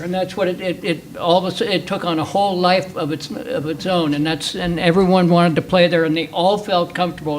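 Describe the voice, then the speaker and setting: High-voiced older man, rambling memories. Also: a little hiss or hum, rough recording. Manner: rambling, many fillers. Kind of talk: casual storytelling on a panel. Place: museum talk before a small audience.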